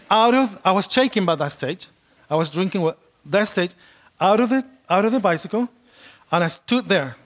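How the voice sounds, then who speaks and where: A preacher's voice sits a little high for a man as he tells a personal story in his sermon. He delivers it animatedly, acting out the voices of the people involved.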